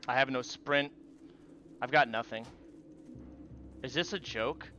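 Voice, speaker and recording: A man's voice: mid-range voice, takes it slowly, bright, forceful tone, highs cut off, a little hiss or hum. A male streamer commenting on his own game as he plays, muttering and swearing in frustration.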